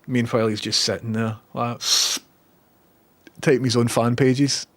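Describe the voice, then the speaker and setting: A man with a Scottish accent streaming online, chatting casually, reading viewer comments and telling animated anecdotes. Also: medium pitch, unhurried. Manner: animated storyteller acting out others' lines. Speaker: Twitch streamer.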